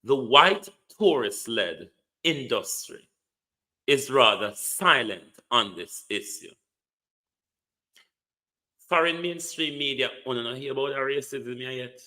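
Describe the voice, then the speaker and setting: A Jamaican man hosts a political commentary stream, impassioned and preachy. He talks slowly and punches key words hard. His voice is bright and tense, and its pitch swings widely. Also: animated. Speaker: online show host.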